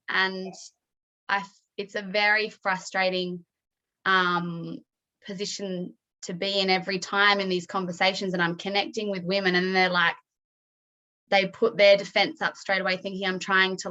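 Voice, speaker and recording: A woman in her thirties sharing emotionally on a group video call, halting with many ums and close to tears. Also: mid-range voice, flat delivery, bright, forceful tone, lo-fi sound.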